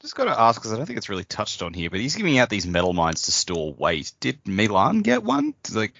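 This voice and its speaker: A man with a low voice chats on a podcast, tossing in jokes and questions. The audio is dry and dull. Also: wildly swooping pitch, brisk, creaky, a bit bright, dry recording. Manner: jokey asides and questions. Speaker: podcast co-host. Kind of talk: casual chat.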